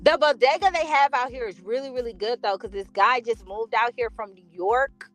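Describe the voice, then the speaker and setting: Lady host chatting w chat, kinda high voice, swears a lot, faint music behind. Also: moderate pace. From California. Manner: animated, swearing, expressive. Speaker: livestream host reading chat. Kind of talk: casual chat.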